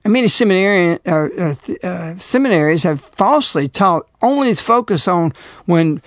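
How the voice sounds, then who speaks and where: A man's voice: high-pitched, expressive, normal speed, no room sound, studio quality. A middle-aged man hosting a religious radio talk show, speaking emphatically and repeating himself as he preaches.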